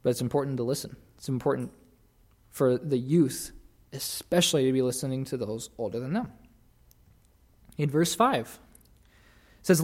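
A man's voice: mid-range voice, moderate pace, pauses often, dark tone. A young man preaching a sermon in an earnest, conversational way, acting out the voices he quotes.

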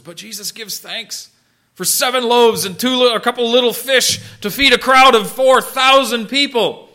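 A man preaching a sermon, animated and conversational, swinging from loud emphasis to soft asides and asking his listeners questions. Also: very high-pitched, normal speed. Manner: conversational, asks the listeners questions and answers them. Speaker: pastor.

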